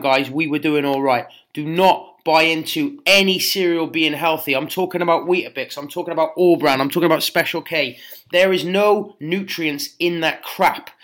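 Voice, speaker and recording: A man's voice: fairly high pitch, a bit bright. Blunt chatty British fitness trainer man. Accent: British English. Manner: blunt, chatty, addresses listeners as mate and guys. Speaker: personal trainer. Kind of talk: casual fitness advice monologue.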